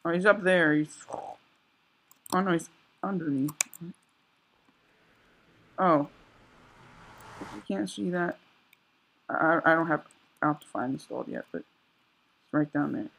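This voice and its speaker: A young man giving casual, excitable commentary while he plays a survival game, exclaiming and joking sarcastically. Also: on the high side, slow, creaky, long pauses, low-quality recording. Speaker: gameplay commentator.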